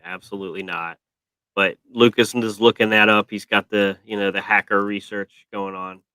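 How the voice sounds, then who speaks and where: A man hosts a laid-back react show about trailers, and his voice is bright and forward. He jokes around and teases the others. The sound is dry and close, with little room in it. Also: lowish voice, steady tone, normal speed, clean tone, no room sound, rough recording. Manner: joking, teasing. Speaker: host. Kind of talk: casual react chat.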